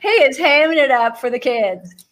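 A woman recounts a vision as a guest, her voice sitting a touch high. She tells it with animation, acting out each quote and laughing often. Her pace speeds and slows with the story. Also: lively intonation, fairly bright tone. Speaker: guest speaker.

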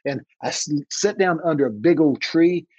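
Old guy, husky dark voice, spins a wild story, dull lo-fi sound. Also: fairly high pitch, expressive, no room sound. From Texas. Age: 80s. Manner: dramatic storyteller who acts out voices, slows down for emphasis. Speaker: minister being interviewed. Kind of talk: animated personal storytelling.

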